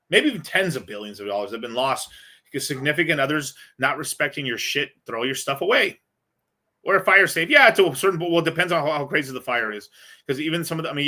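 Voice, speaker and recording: Bright-voiced, blunt, swearing male host. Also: mid-range voice. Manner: profane, rambling, blunt. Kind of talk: casual livestream Q&A.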